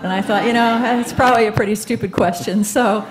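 A woman in her seventies speaking onstage at a live event, telling her own story in an earnest, halting way with many fillers and restarts. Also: on the high side, fairly even intonation, background noise. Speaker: guest speaker. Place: live event stage before an audience.

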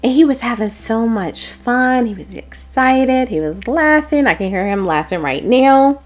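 A woman hosting a devotional prophetic message, speaking earnestly and dropping into soft, whispered prayer. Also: a little high, lively intonation, a little slow. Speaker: host and prophetic teacher.

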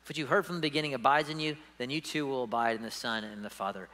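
A man's voice: mid-range voice, rapid-fire, bright, forceful tone, in a large hall. A man preaching a sermon as pastor, emphatic and conversational, often checking in with the congregation. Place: church sanctuary.

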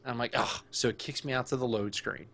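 A man's voice: medium pitch, steady tone, fast talker, fairly bright tone. A man in his thirties, a podcast co-host, telling a story in rambling, self-correcting casual chat.

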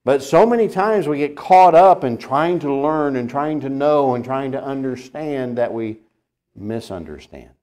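A man preaching a sermon lesson, earnest and emphatic, asking his listeners rhetorical questions and swinging between loud peaks and quiet lines. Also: mid-range voice, animated, measured pace. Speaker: pastor.

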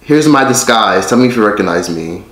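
Brisk and lively in intonation, a man with a lowish voice vlogs for YouTube with his phone in hand. He jokes around, swears often and speaks directly to viewers; the recording has an echoey room sound and faint noise.

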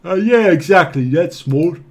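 A man's voice: on the high side, expressive, unhurried, darkish tone, pitched above the performer's own voice. A man as a casual half-orc adventurer. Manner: casual, plain, hesitant.

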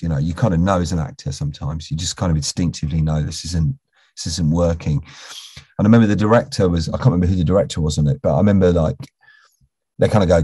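A middle-aged British actor tells a rambling story from a film set, full of restarts and asides. His voice is low, mellow and a little husky. The recording is close and dry. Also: quick pace, no room sound. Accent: British English. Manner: rambling, with many restarts and "you know"s, drops to a near whisper when quoting. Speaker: actor interviewed as a guest. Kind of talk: casual anecdotal storytelling.

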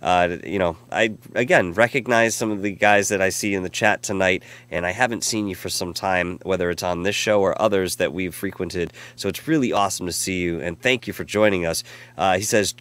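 A man's voice: deep voice, moderate pace, a bit bright, smooth. A man hosting a casual live stream, rambling and effusive as he reads out chat messages and thanks viewers. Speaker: live show host.

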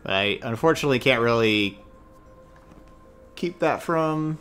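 A male streamer talks through his card game in a loose, chatty way, thinking out loud and catching his own slips. His voice sits at an ordinary middle pitch, with faint music underneath. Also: animated, unhurried, clean tone. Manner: chatty, thinks aloud, self-correcting. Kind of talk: casual gameplay commentary.

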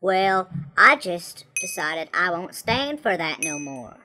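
A woman's voice: lowish voice, slow. A woman commenting on a block game as a small, rebellious talking flower pot, stammering and repeating her words. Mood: nervous chatter. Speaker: gameplay commentator. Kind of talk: in-character gameplay commentary. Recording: home mic with steady hiss.

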